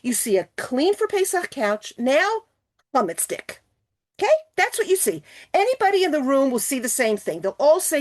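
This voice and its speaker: A woman presenting a motivational talk to a virtual retreat, animated and coaxing her listeners with questions, speaking over a video call. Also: sits high, normal speed.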